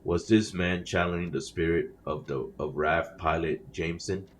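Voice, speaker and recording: This man's voice sits low and moves at normal speed as he reads in-game newspapers during a game on his channel, chatting casually between lines. He keeps tripping over words and self-correcting mid-sentence, clearly self-conscious about reading aloud. A faint hiss or hum runs through the recording.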